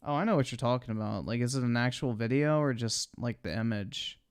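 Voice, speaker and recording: A man's voice: mid-range voice, fairly quick, smooth. A young man giving blunt, profane live-stream commentary while he watches videos.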